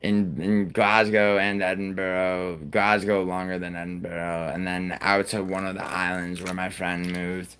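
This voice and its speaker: A man with a slightly low-pitched voice rants at his live-stream chat. He is from New York and talks in a rambling, profane, combative way, swearing freely and trailing off mid-thought. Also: little pitch movement, measured pace, hardly any pauses, fairly bright tone, clean tone. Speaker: livestream host. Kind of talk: casual live-stream chat answering viewers.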